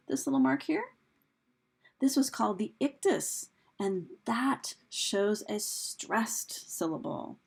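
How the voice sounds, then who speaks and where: Woman teacher, gravelly husky voice, casual recorded lesson, asks her class questions. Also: medium pitch. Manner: chatty, with fillers and rhetorical questions to students. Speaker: English teacher. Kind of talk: recorded lesson over slides.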